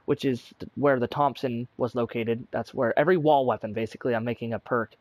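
A man's voice: medium pitch, fairly even intonation, a little fast, no echo. A young man chatting casually over his own gameplay as a gaming YouTuber, rambling with lots of fillers and restarts. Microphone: console recording software.

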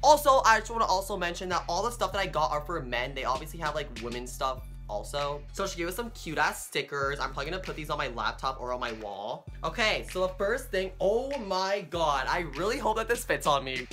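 A man hosting a casual unboxing vlog, talking in a hyper, excitable way and swearing constantly. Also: fairly high pitch. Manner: hyper, excitable and heavily profane. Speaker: vlogger. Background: music.

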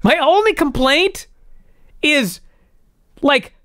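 A podcast co-host telling a wrestling story in casual chat, animated and full of swearing. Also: high-pitched, slow pace, dry recording, clean studio sound.

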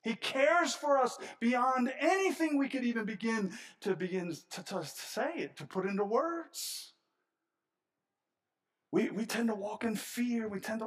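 A middle-aged man preaching a sermon as pastor, animated and swinging between hushed and loud passages. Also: extremely high pitch, unhurried.

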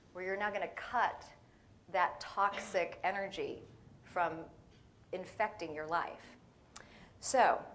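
A woman delivers a humorous sermon in an animated, chatty style, tossing rhetorical questions to her listeners. Her pitch sits at a middling level for a woman, and a faint background noise runs under her voice. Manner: animated, conversational, playful asides to the audience. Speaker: guest preacher. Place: spiritual center hall.

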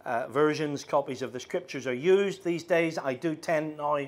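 A middle-aged man with a Northern Irish accent preaching a sermon, speaking slowly and deliberately with frequent ums and restarts. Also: fairly high pitch, steady tone. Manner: slows down, halting with fillers.

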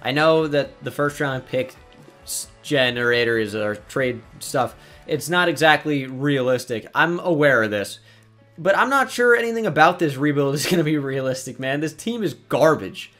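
A man's voice: medium pitch, lively intonation, normal speed, fairly bright tone, faint music behind. A young man giving casual commentary over a sports video game, blunt and exasperated, swearing freely. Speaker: gaming YouTuber.

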